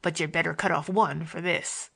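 A woman voicing a sly, grinning man with a broad Western American drawl, pitched lower than her own voice, in a storybook reading. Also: steady tone, normal speed, vocal fry, fairly bright tone, husky, full character voice. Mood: mocking drawl.

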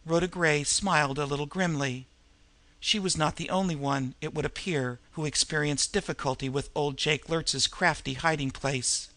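A man narrating a crime novel as an audiobook, in a steady, measured reading. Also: on the high side, creaky, no room sound.

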